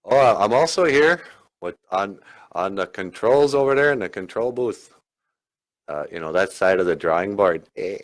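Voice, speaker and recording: A man's voice: fairly low pitch, animated, normal speed. Jokey, rambling male podcast host. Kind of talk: comedic podcast banter.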